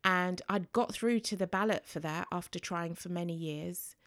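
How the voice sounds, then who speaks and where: A woman speaking in a relaxed, conversational way, recounting her own experiences. She lively mimics the people she quotes, and the sound is close and dry with no room echo. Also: fairly low pitch, normal speed. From England. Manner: animated, acts out voices in quotes. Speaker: guest. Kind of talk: casual storytelling.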